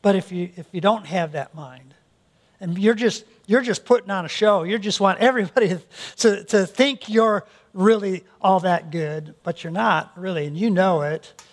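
A man's voice: high-pitched, normal speed. A male pastor preaching a sermon, earnest, often repeating words as he restarts his sentences.

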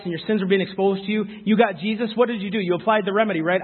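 A man preaching a sermon, animated and talking straight to the congregation with quick asides. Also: sits high. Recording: phone-like sound with long hall reverb.

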